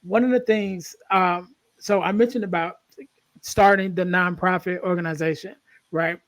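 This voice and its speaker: A man's voice: sits high, fairly even intonation, normal speed, no room sound. A man hosting a podcast, telling stories in an earnest, rambling way with many restarts. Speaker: podcast host. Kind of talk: casual conversational storytelling.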